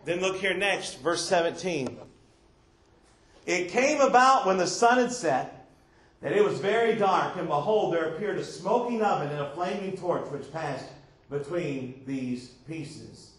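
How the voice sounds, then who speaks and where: Heard from far off in an echoey church sanctuary, a male pastor delivers a sermon, repeatedly questioning the congregation to spark call-and-response. His high voice is expressive and unhurried.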